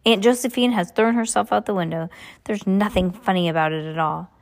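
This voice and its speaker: A woman's voice: medium pitch, fairly quick, creaky, close to an everyday voice. A woman voicing an anxious, earnest teenage girl in a read-aloud story. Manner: earnest, upset.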